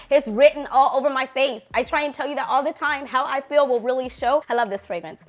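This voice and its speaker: Brief: young woman, fragrance vlogger, slightly higher voice, gushes playfully and savors sensual words. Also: fast talker, hardly any pauses. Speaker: fragrance reviewer. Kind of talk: casual perfume review vlog.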